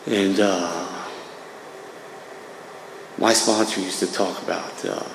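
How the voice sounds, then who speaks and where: A man's voice: deep voice, steady tone, slow pace, creaky. Middle-aged man, speaker at a recovery meeting, chatty testimony, tags lines with "man", roomy reverberant hall sound. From New Jersey. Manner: conversational, peppered with "man" and "right". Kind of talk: personal testimony talk. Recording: echoey hall, faint room noise.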